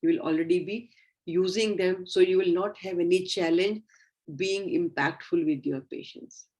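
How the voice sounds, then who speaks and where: A middle-aged woman giving a recorded lecture to medical students, earnest and instructive, often pausing on fillers. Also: fairly low pitch, a little mellow, low-quality recording.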